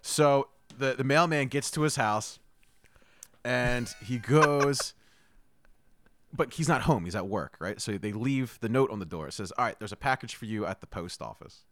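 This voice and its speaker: A man in casual podcast chat, telling a profane, animated story with lots of laughter. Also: mid-range voice, a little slow, no echo, clean studio sound.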